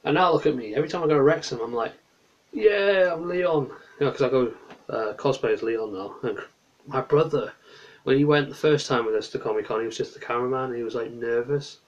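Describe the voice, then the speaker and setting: A man's voice: mid-range voice, fast talker, highs cut off. A tired man, chatting in a rambling way to his livestream viewers late at night from a small bedroom, drifting off topic and answering chat.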